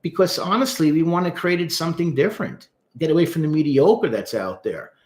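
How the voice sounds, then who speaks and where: A man, a therapist, breaking down song lyrics in casual, animated commentary, talking straight to the viewer. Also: a little high, a little fast. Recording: echoey room.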